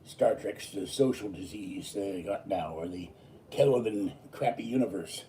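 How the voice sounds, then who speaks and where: Tired man, low mellow voice, rambling vlog chat, distant mic with faint background. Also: unhurried, slight background noise. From Pittsburgh, USA. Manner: digressive, jumping from topic to topic. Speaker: vlogger. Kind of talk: casual rambling monologue.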